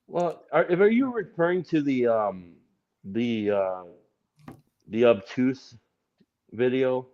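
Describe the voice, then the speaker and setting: A man's voice: medium pitch, animated, takes it slowly, pauses often, darkish tone. A man co-hosting a livestream, chatting casually in a joking, rambling way. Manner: joking, rambling, laughs often. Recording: muffled lo-fi audio.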